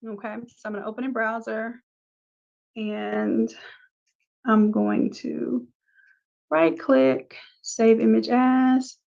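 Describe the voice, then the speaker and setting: Woman, design instructor, live class; casual and chatty, narrates each click; a bit high-pitched; muffled stream audio. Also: steady tone, takes it slowly, gravelly, long pauses, darkish tone. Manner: casual, chatty, talks through each step. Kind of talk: live screen-share tutorial.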